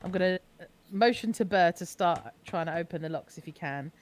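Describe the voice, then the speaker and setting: A woman's voice: on the low side, brisk. A woman playing a tabletop role-playing game, talking casually with frequent laughs and hesitant fillers. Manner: giggly, hesitant, full of fillers. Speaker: player.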